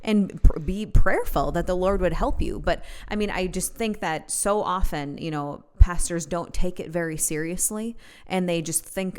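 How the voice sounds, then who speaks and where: Animated woman with a lowish voice. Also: smooth. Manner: animated, quick asides, laughs easily. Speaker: podcast co-host. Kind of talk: casual Christian podcast conversation.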